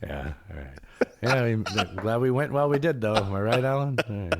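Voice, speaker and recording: A man's voice: medium pitch, quick pace, crowd noise. A man co-hosting a podcast in casual chat, rambling and joking and laughing often. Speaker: podcast co-host.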